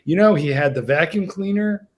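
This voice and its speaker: A male dog trainer talks on a livestream panel in a rambling, story-telling way, his voice a bit higher than most men's. He circles back on himself with frequent restarts as he builds each point. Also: normal speed. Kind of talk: casual panel chat.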